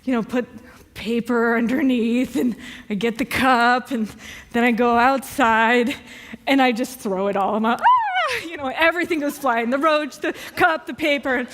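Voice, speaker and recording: Woman minister, animated storyteller, high voice, long hall reverb. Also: a little hiss or hum. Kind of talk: sermon. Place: church hall.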